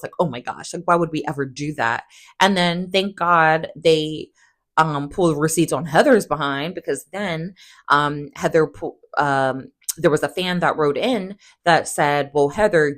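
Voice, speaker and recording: She is a woman hosting a casual recap in a fairly low voice. She is chatty and sarcastic, and she acts out other people's quotes in much higher voices. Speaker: recap host.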